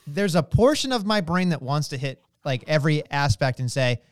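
Man, casual wrestling podcast co-host, smooth clear voice, dry close sound, rambling. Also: a little high, lively intonation, normal speed, no echo. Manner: rambling, restarts sentences, acts out quotes.

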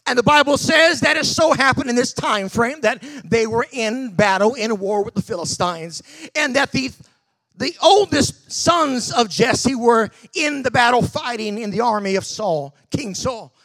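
A male pastor preaches with emphatic, shouted bursts and frequent repeated words. His voice sits very high, bright and gravelly, and the recording is close and dry. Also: expressive, measured pace, no echo. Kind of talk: sermon.

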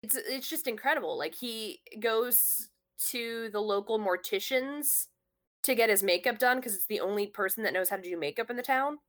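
A woman's voice: fairly high pitch, normal speed, fairly bright tone. A woman in casual conversation, telling a long story with many fillers and restarts. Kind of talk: casual chat.

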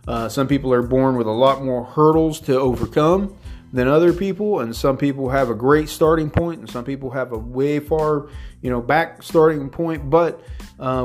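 A man hosting a podcast, talking earnestly in a casual motivational monologue, rambling with frequent restarts and fillers. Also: fairly high pitch. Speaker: podcast host.

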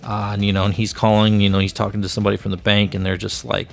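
A low-pitched man with a gravelly, fry-heavy voice talks through a comic review in a chatty, rambling way. He speaks over faint guitar music. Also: monotone, fast talker. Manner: chatty plot retelling, loose and rambling. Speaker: comic book review show host. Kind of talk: casual spoken review.

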